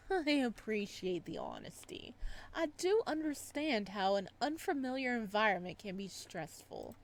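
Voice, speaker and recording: A woman reading aloud the lines of a soft-spoken, possessive male psychiatrist in a visual novel, in a calm, quietly unsettling tone. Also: fairly high pitch, a little slow.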